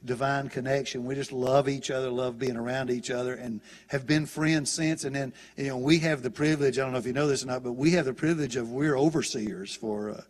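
A man's voice: mid-range voice, fairly even intonation, a little fast, hardly any pauses. A man with a Southern US accent, a guest preacher giving a folksy, chatty sermon with many restarts. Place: church auditorium. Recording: long church hall reverb.

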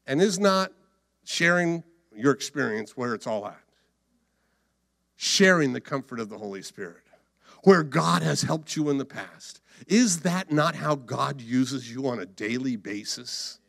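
A man's voice: medium pitch, expressive, measured pace, vocal fry, fairly bright tone, no room sound, studio quality. A man preaching a dramatic sermon, acting out the story as he goes and humming bits of filler. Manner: dramatic, acts out the story, hums and sings filler.

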